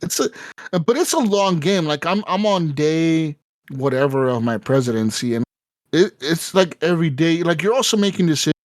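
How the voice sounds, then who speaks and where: Podcast co-host, man, slightly higher voice, dry close mic, rambling and profane. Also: animated, moderate pace, no room sound. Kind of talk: casual gaming podcast chat.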